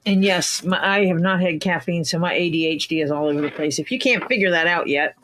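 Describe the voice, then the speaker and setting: A woman's voice: fairly low pitch, brisk, fairly bright tone, slight background noise. A woman hosting a leatherworking livestream, chatting casually and rambling through stories with quoted back-and-forth. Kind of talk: casual chat.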